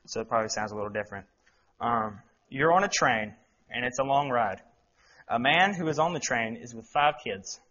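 Earnest young man preaching, bright voice. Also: medium pitch, expressive, normal speed. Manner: earnest, with frequent ums and restarts. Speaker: lay preacher. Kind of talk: sermon. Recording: dull lo-fi recording.

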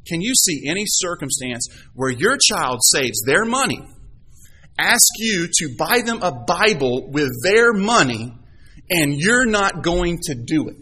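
Bright-voiced male pastor preaching. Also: on the high side, sing-song, a little slow, slightly rough, low-quality recording. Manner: conversational, playfully acts out quoted voices. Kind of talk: sermon.

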